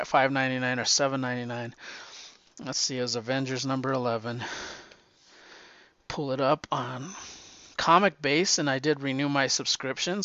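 A man's voice: medium pitch, fairly bright tone, no echo, dull audio. A man hosting a comics podcast in casual chat, enthusiastic and rambling, swearing freely and restarting often.

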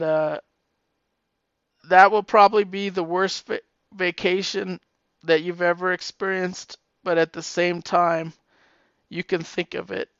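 A middle-aged man and podcaster giving a heartfelt, emotional message, halting and repeating his words, tearful at times. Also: high voice, vocal fry, a bit bright, clean tone, dry recording, muffled recording.

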